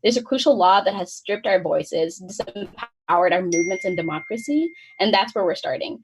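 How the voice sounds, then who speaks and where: A woman's voice: medium pitch, slightly rough, rough recording. A young woman in her twenties from the United States, a student organizer giving an earnest prepared speech on a webinar. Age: 20s. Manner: fast, earnest delivery read from notes.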